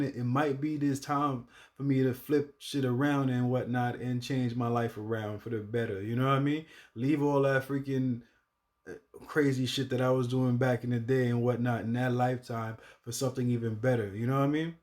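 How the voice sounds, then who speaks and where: A man hosting a reaction video in casual commentary. He talks loosely in slang, swears often, keeps asking "you know what I mean", restarts his words while thinking aloud, and breaks into loud, high exclamations. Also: steady tone, normal speed.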